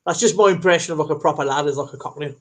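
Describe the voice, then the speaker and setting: A man's voice: a little high, racing, fairly bright tone. A man co-hosting a casual chat show, reading out viewer comments and laughing at himself. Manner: self-deprecating, reads viewer comments aloud. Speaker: co-host.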